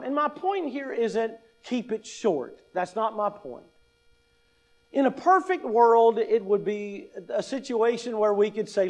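A pastor in his fifties gives a conversational teaching talk, often asking "right?" and adding wry humor. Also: high-pitched. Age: 50s. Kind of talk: teaching talk on public speaking.

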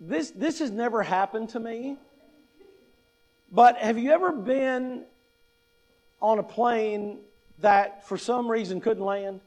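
High-voiced man in his fifties teaching. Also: slow pace, long pauses, a little mellow. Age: 50s. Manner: conversational, asks "right?" often, wry humor. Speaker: pastor. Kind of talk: teaching talk on public speaking.

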